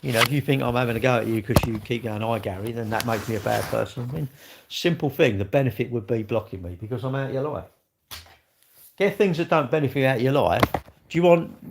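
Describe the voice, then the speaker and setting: A car dealer who livestreams rambles chattily in a casual live stream from indoors at work, reading viewer comments and answering them. His voice is gravelly and mid-range, with slight background noise.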